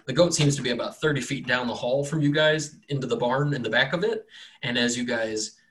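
Brief: male game master, mid pitch, rambling casual narration, lots of fillers. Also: brisk, fairly bright tone. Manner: rambling, loose, many fillers and self-corrections.

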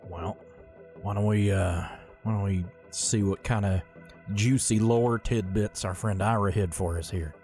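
A man's voice: lowish voice, fairly even intonation, measured pace, a little mellow, soft background music. A man playing a tabletop game, cracking dry jokes in casual chat. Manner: dry, joking. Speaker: player.

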